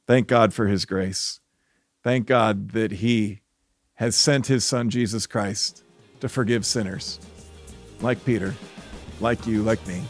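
A man preaching a devotional sermon as a pastor, telling stories earnestly and dropping his voice softly for the reflective parts. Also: mid-range voice, no room sound, studio quality. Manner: earnest storytelling, rising when animated, dropping soft for reflection.

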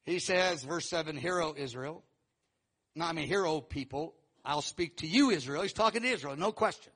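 A man preaching a sermon, teaching verse by verse and acting out quoted lines with animated, rising emphasis. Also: fairly high pitch, brisk, slightly rough. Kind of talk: sermon teaching through scripture.

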